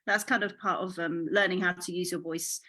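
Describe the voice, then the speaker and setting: Bright, playful woman guest. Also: fairly low pitch, fairly even intonation, brisk. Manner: playful, chiming in with quips. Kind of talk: casual chat.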